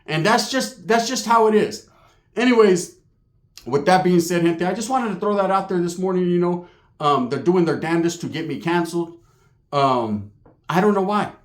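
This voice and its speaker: A streetwise man, talking straight to his viewers and swearing freely. His voice sits a touch high for a man, with Spanish words dropped in here and there. The room around him echoes noticeably. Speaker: YouTube vlogger. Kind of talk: casual talk to camera.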